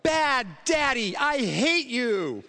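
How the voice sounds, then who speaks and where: A man's voice: very animated, takes it slowly, bright, forceful tone, big-room sound, heavily acted. A man doing a sulky little boy. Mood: angry. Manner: whiny, high child's pleading. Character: sulky, shy six-year-old boy.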